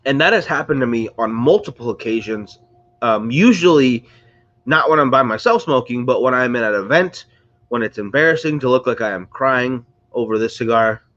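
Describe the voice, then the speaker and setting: Hosting a laid-back livestream while congested and under the weather, a man rambles, chats, and greets his viewers. He speaks at normal speed in an expressive, fairly bright mid-range voice. The highs are cut off in the audio, recorded on a mic close to a screen or phone.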